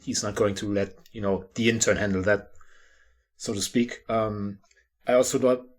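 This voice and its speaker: A man co-hosting a podcast in casual discussion, explaining things in a measured way. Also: on the low side, steady tone. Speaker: podcast co-host.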